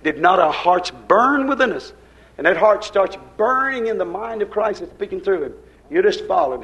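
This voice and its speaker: An older preacher man delivering a fervent sermon. His voice sits fairly high, and he swings from loud, pushed lines to near-murmured asides. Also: expressive, normal speed, lo-fi sound. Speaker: pastor.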